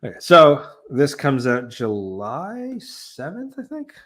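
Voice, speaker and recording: Excitable laughing podcast host, a man. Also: medium pitch, slow pace. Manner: excitable, laughs often, swears casually. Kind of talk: casual podcast chat.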